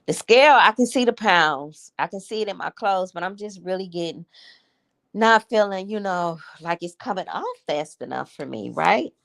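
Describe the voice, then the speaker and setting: A woman's voice: lowish voice, lively intonation, normal speed, gravelly, a bit bright. A woman, hosting a candid livestream chat and confiding in her viewers with emotion. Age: 50s. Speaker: livestream host. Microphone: streaming setup.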